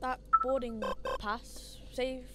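This woman's voice sits high, and she speaks slowly with a flat delivery. Streaming a horror game let's play with loud music behind her, she startles easily and shrieks often, while gently pleading with and coaxing a companion in a soft voice.

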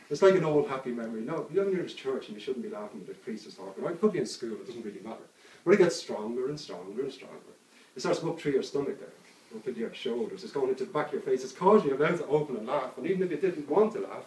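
A man working as a street hypnotist, talking a subject into a trance with coaxing, repetitive suggestions. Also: mid-range voice. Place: outdoors on a street. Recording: roomy, distant mic with faint background noise.

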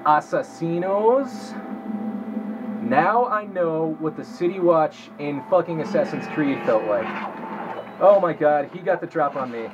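A man's voice: a little high, animated, moderate pace, muffled recording, background noise. A young man giving casual, profanity-laden let's-play commentary, talking to himself as he plays. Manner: swears a lot, talks to himself while playing. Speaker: gameplay commentator.

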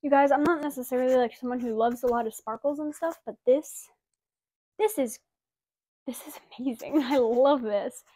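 High-voiced young woman gushing excitedly. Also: unhurried. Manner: gushing, excitable, many "like" and "oh my gosh". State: slightly out of breath. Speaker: vlogger. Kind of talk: casual unboxing vlog. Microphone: wireless mic.

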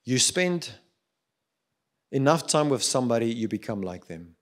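A middle-aged man with a South African accent preaching a sermon, swinging between loud urging and quiet reflection. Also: mid-range voice, sing-song, a little slow. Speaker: pastor.

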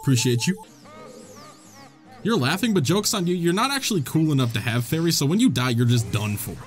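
A man's voice: on the high side, very animated, fairly quick, faint music behind. A young man hosting a let's-play, commentating casually and joking back at the game's characters. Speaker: gaming channel host.

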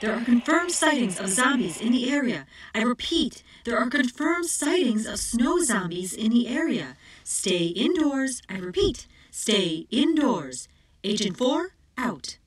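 A woman's voice: on the high side, very animated, a little slow, slightly rough, recorded from a distance, full character voice. A woman voicing a bossy bluebird secret agent in a children's puppet comedy, giving clipped radio-style commands. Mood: urgent.

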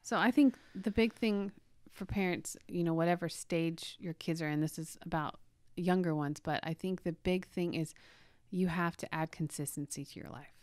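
A woman in her forties co-hosting a podcast, telling a family story with lively emotion and many restarts. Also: on the low side, moderate pace, dry recording. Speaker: podcast co-host. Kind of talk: casual storytelling chat.

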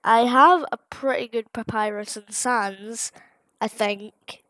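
A woman's voice: on the high side, takes it slowly, bright, forceful tone, dry recording. A woman giving casual gameplay commentary, rambling along with plenty of fillers and restarts. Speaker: gamer.

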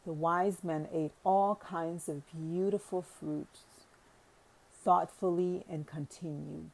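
A woman narrating an audiobook parable in a deliberate reading voice, now and then correcting a word. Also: fairly low pitch, steady tone, vocal fry, a little mellow, low-quality recording. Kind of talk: scripted narration.

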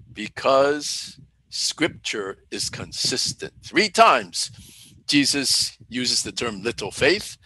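A man teaching a Bible lesson in a deliberate way, asking questions and then answering them himself. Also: mid-range voice, pushed and bright, a little hiss or hum, poor audio. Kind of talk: teaching sermon.

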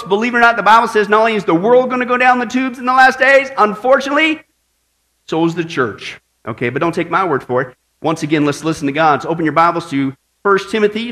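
Male pastor, playful storyteller preaching a sermon, high and bright. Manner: playful storyteller, asks the crowd "right?". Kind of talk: sermon with jokes.

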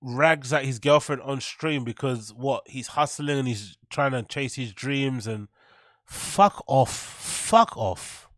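A man's voice: mid-range voice, a little slow, few pauses, fairly bright tone, dry recording, clean studio sound. A man reacting to a clip, bluntly mocking what he hears and swearing often. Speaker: reaction streamer. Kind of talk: reacting to a clip, casual commentary.

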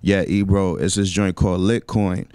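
Radio guest: New man, relaxed street slang, smooth low voice, dry studio mic. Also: normal speed, no room sound. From New York. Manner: laid-back slangy talk with many fillers. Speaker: rapper and songwriter guest. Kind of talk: casual radio interview.

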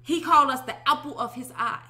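A woman in her thirties giving an animated, emphatic personal testimony, often asking "okay?". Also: sits high, fast talker. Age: 30s. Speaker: religious teacher.

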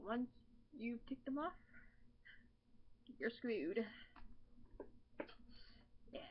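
A woman chatting casually in a rambling, self-deprecating way, recorded with a laptop webcam mic. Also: on the high side. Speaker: vlogger. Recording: dull lo-fi laptop webcam audio.

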